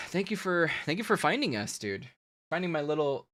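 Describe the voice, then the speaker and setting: A man's voice: fairly high pitch, sing-song, a little fast, a bit bright. Chatty man hosting a live stream. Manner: loose, ranting, laughing, talks to chat. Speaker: comics show host. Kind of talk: casual live-stream wrap-up.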